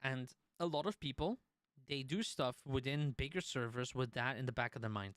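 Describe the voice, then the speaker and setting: Smooth, dry-voiced man talking casually. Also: medium pitch, normal speed, a bit bright, no echo. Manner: conversational, restarts and swears while telling a story. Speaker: streamer. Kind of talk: casual stream talk.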